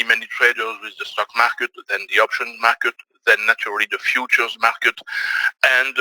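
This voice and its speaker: A middle-aged man from Belgium with a Belgian French accent, giving a webinar presentation and pausing often on fillers. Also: medium pitch, pushed and bright, dry recording, low-quality recording. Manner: hesitant, many fillers. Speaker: trading presenter.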